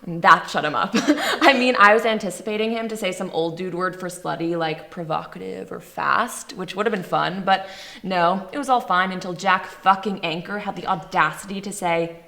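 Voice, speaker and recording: A young woman playing a sarcastic, angry high school girl, narrating and acting in a student film. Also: normal speed, vocal fry, pushed and bright. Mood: indignant. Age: young adult. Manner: sardonic, bitter.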